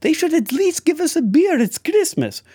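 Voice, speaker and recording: A man's voice: extremely high pitch, big pitch swings, moderate pace, dark tone, dry recording, clean studio sound, pitched above the performer's own voice. A man voicing his blunt, bossy elderly grandmother in a story, insistent and indignant.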